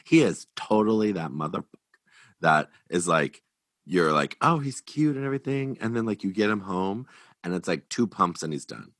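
A man's voice: sits low, normal speed, fairly bright tone, no echo, studio quality. A man co-hosting a podcast, trading wry jokes in casual film chat. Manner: wry, joking banter. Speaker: podcast co-host.

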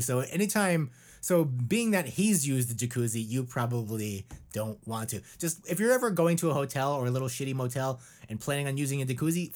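A man co-hosts a podcast in loose, rambling chat, cracking jokes and restarting his sentences. His pitch swings in a lively way, rising and falling as he riffs. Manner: rambling and jokey, with many restarts. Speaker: podcast co-host.

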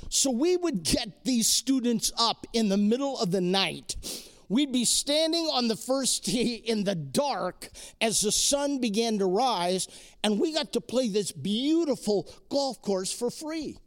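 A man's voice: extremely high pitch, expressive, unhurried. A man giving an inspirational talk to a live audience, telling a personal story with emphatic repetition. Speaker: speaker addressing an audience.

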